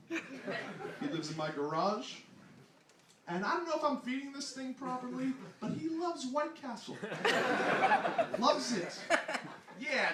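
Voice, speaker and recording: A man from New Jersey with a New Jersey accent doing a stand-up comedy set, animated and exclamatory, often mimicking other voices. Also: sits high. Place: small hall with audience. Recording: distant echoey room mic, loud noise.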